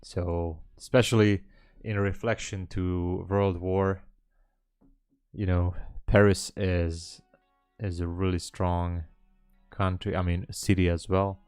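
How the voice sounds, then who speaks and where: A man's voice: sits low, flat delivery, slow pace, darkish tone, clear, resonant tone, no echo, studio quality, soft background music. A man hosting a live trading stream, chatting casually and hesitantly with viewers in a rambling way. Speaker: livestream trading host.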